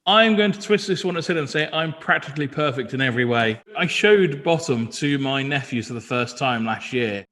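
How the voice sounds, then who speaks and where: A man's voice: medium pitch, lively intonation, brisk, few pauses, a bit bright. A man on a panel making cheeky, provocative jokes in casual chat over a video call. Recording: long reverb on video call.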